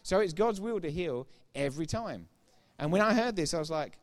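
A man giving a sermon testimony as a preacher, retelling conversations line by line and growing loud and emphatic when he preaches. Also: on the high side, lively intonation, fairly quick. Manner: retells dialogue with repeated "I said, he said".

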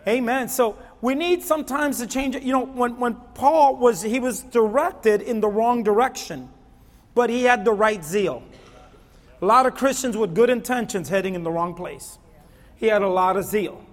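High-voiced preacher in a reverberant hall. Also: male voice, normal speed. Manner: animated, swings from low murmurs to near-shouting. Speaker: pastor. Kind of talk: sermon.

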